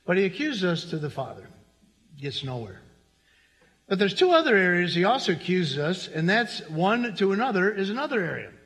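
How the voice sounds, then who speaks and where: A man's voice: sits high, sing-song, normal speed, a bit bright, in a large hall. A middle-aged man pastor preaching a sermon in a church, talking conversationally and turning to the congregation with asides. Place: church sanctuary.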